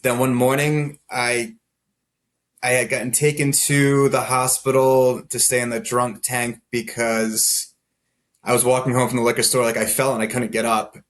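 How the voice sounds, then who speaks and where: A man's voice: medium pitch, level tone, normal speed. A man guest on a podcast, candidly telling his personal story in a rambling way, full of "like" fillers and self-deprecating laughs. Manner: rambling, heavy use of "like" fillers.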